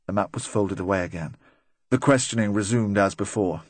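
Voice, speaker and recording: A man narrating a crime audiobook in a measured, even manner. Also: lowish voice, no room sound.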